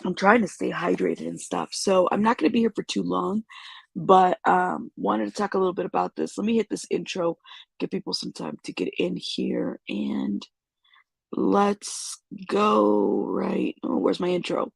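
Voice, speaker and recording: A woman hosting a casual livestream, raspy and congested from a cold, rambling and greeting viewers in the chat. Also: medium pitch, steady tone, a little slow, no echo. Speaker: YouTube news host.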